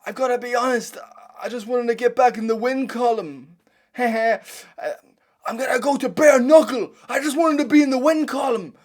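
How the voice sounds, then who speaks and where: A young man doing a loud, mocking impression of a male fighter talking after a win. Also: moderate pace. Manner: high-pitched, loud, mocking.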